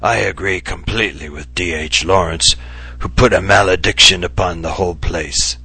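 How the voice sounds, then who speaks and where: A man's voice: on the low side, a little slow, gravelly, sharp tone, husky, full character voice. A man doing an impish, ailing old writer. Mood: mock-grave. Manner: mock-serious, mischievous, coughing bouts. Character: impish ailing older male writer, theatrical.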